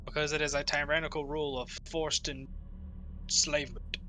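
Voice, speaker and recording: A man's voice: on the high side, flat delivery, normal speed, sharp tone, slight background noise, low-quality recording. A man playing his character in a tabletop game, speaking earnestly and seriously. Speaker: player. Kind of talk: in-character tabletop role-play.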